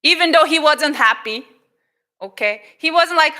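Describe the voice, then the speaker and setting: A woman with a Korean accent giving a children's sermon in a church, telling a Bible story in an animated way, acting out the people in it and switching between English and Korean. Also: high-pitched, moderate pace. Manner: animated, acts out quoted lines. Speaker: pastor. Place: church sanctuary.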